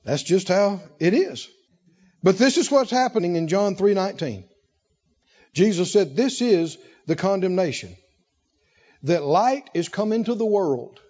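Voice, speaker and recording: A man preaching a sermon with animated, rhythmic repetition and emphatic phrasing. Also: high-pitched, unhurried, dull audio.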